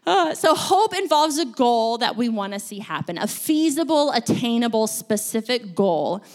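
A woman, a school counselor, giving a sermon in a church, telling stories in an animated, playful way. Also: a little high, moderate pace, hardly any pauses. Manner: storytelling, animated, playful with laughs. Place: church sanctuary.

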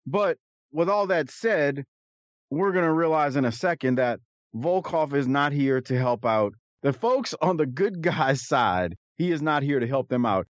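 A man's voice: a little high, animated, unhurried, no echo. A man hosting a casual chat about old wrestling, rambling and correcting himself as he goes. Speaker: podcast co-host. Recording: slightly dull dry mic.

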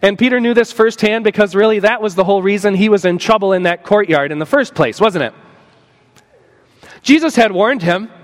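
Pastor preaching with a high voice. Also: male voice. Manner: earnest, voices imagined speakers, slows for emphasis. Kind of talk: sermon. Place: church sanctuary. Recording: long church reverb.

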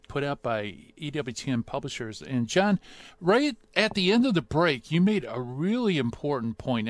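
A man hosting a radio talk show, chatting to his guest in an easy conversational manner. His voice sits at a middle pitch, close and dry in the studio. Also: no echo. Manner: conversational, with fillers.

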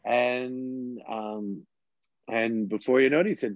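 A man's voice: medium pitch, steady tone, takes it slowly, gravelly, dry recording, lo-fi sound. A man in his fifties from Washington, D.C., a bishop telling his story in a chatty, self-deprecating way in an interview.

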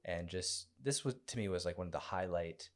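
A man talking through a film as co-host, easygoing and measured. His voice sits very low. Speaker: podcast co-host reviewing a movie. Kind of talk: casual chat.

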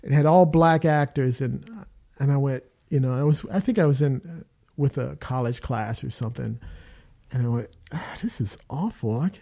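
A man, an actor being interviewed, who tells rambling, animated stories with lots of fillers. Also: mid-range voice, moderate pace, vocal fry. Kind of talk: casual storytelling.

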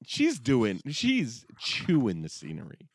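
A man's voice: medium pitch, huge pitch swings, slow, slightly rough, no echo, studio quality. A man co-hosting a podcast, riffing and laughing through a casual film review. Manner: jokey, laughs often, stammers. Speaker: podcast co-host.

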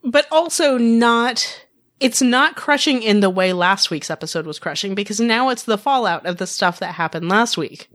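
A woman co-hosting a podcast in casual chat, relaxed and agreeable, laughing along. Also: mid-range voice, normal speed, dry recording, clean studio sound. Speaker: podcast co-host.

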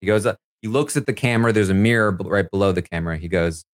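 A man's voice: fairly low pitch, quick pace, no room sound, clean studio sound. A man giving a casual, sarcastic recap of a reality show as a podcast correspondent. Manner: animated, sarcastic storytelling.

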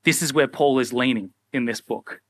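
A young man preaching a sermon in a casual, animated way, often acting out little everyday scenes. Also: medium pitch, moderate pace, no room sound. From Australia. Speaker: pastor.

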